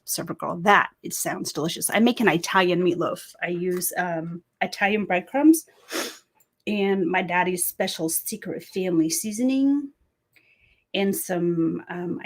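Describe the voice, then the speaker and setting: A woman with a sore throat hosting a casual live stream, chatting and greeting viewers by reading their comments aloud. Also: medium pitch. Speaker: livestream host. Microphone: desk microphone.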